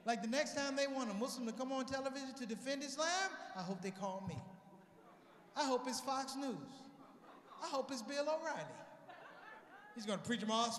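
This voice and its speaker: Male stand-up comic, high-pitched, plays every voice in his stories; live hall sound, roomy echo. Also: normal speed. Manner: animated storyteller, acts out both sides of dialogue. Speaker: stand-up comedian. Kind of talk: stand-up comedy storytelling. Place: large convention hall, live audience. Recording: echoey hall with long reverb.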